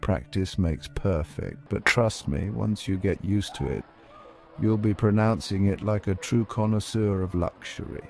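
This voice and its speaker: A man giving scripted, upbeat narration as a pronunciation guide, coaxing the listener and slowing down to spell out each word. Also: fairly low pitch, vocal fry, soft background music.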